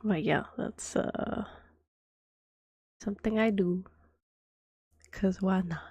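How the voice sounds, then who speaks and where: A woman streamer with a cold, coughing now and then, softly rambling as a caring girlfriend in a whispered role-play. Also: mid-range voice, takes it slowly, breathy edge, dry recording. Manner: soft-spoken, rambling, trailing off. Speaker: vtuber streamer.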